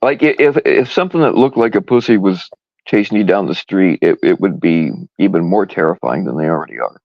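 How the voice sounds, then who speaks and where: Gravelly low-voiced man bantering. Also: expressive, no echo, highs cut off. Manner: joking, halting restarts. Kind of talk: casual banter.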